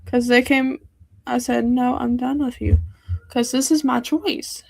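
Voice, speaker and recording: Teen girl streamer venting in a hurt ramble; slightly high voice with vocal fry. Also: steady tone, measured pace, darkish tone, no echo. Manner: hurt, rambling, many fillers and restarts. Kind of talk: upset personal livestream talk.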